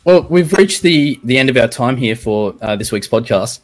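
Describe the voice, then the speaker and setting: Australian man hosting a podcast, halting. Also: medium pitch, lively intonation. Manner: hesitant, halting delivery. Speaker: podcast host. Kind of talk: casual podcast interview.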